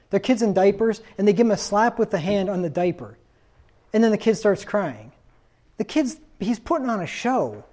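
A man's voice: sits high, darkish tone. A man preaching a sermon in a stern, insistent tone, reading scripture aloud and asking rhetorical questions.

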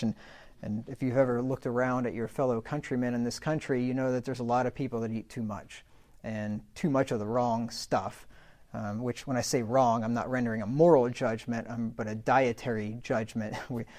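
A pastor teaches a Bible lesson from the pulpit in a conversational, sermon-style way, adding asides and correcting himself. His voice is mid-range and darkish, with fairly even intonation and a fairly quick pace.

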